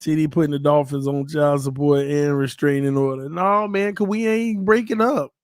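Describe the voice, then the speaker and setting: Brief: a slightly tipsy man, playful fan host, fairly high-pitched, laughs a lot. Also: moderate pace, no echo, clean studio sound. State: a little tipsy. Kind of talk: casual livestream chat.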